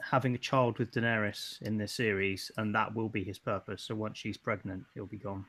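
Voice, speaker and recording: A man co-hosting a podcast in casual chat, making dry, measured remarks. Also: on the low side, fairly even intonation, a bit bright. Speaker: podcast co-host.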